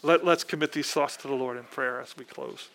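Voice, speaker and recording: A man's voice: medium pitch, fairly quick, fairly bright tone. A man preaching a conversational sermon in an earnest way, often repeating his words and asking his listeners questions.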